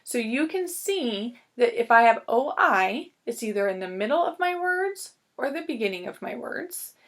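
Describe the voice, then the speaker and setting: A woman teacher giving a recorded reading lesson to young students, sounding out words slowly and patiently. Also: fairly high pitch, sing-song.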